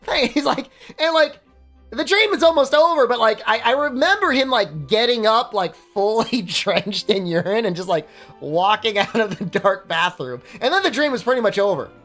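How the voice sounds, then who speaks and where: A woman's voice: on the high side, animated, moderate pace, a bit bright, faint music behind. A woman streamer casually telling a rambling story during a live stream, often breaking into laughs. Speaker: game streamer.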